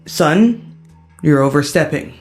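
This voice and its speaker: A grave, measured older male army captain, as a woman puts him on during a tabletop game, with a low voice and faint music in the background. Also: lively intonation, darkish tone. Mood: stern.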